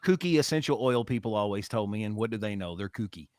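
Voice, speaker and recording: Rambling man with a low voice. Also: lively intonation, fast talker, darkish tone, no room sound, clean studio sound. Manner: rambling, joking, many fillers. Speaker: podcast co-host. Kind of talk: casual chat.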